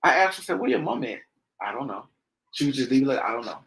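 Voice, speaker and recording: A young man telling a personal story on a podcast in loose, casual speech. He is animated and slips into raised voices to act out the people he quotes. His voice sits at an ordinary middle pitch. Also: quick pace, rough recording. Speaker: podcast host.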